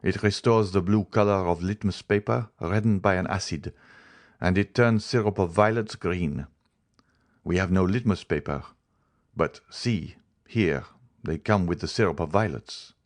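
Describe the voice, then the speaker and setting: A man voicing a stern middle-aged doctor, measured and coldly certain. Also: low voice. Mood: grave.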